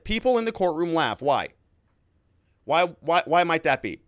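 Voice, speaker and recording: A man giving commentary on a criminal trial, acting out courtroom questions in an animated, incredulous way. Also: high voice, brisk, no echo, clean studio sound. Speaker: legal commentator.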